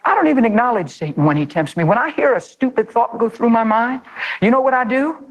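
A man preaching a sermon, fervent and animated, speaking straight to his listeners and acting out prayers. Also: fairly quick, dull audio. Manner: fervent, animated, voice leaps high when excited; addresses listeners directly and acts out prayers.

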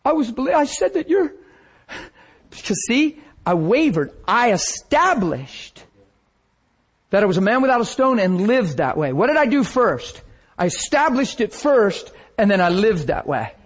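High-voiced animated male preacher. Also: a little slow, slightly rough. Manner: animated storytelling, acting out his own crying. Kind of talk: sermon testimony.

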